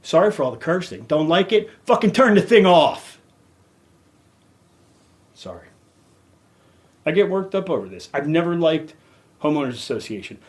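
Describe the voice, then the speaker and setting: A man's voice: a little high, sing-song, normal speed, long pauses. A middle-aged man hosting a podcast, ranting angrily and cursing heavily. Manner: profane, heated, emphatic. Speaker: podcast host. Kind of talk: angry rant.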